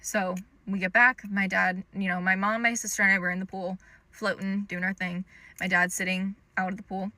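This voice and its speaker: A woman's voice: mid-range voice, flat delivery, moderate pace, pushed and bright, no echo. A young adult woman telling a personal story in a casual storytime monologue, chatty and full of "um" and "like". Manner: chatty, lots of "um" and "like". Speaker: storytime creator.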